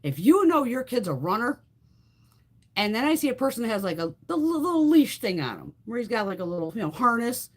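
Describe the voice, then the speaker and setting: Lively, foul-mouthed woman livestreamer. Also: a little high, fairly quick. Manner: blunt, heavily profane, animated storyteller. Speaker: beauty livestream host. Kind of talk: casual live chat while doing makeup.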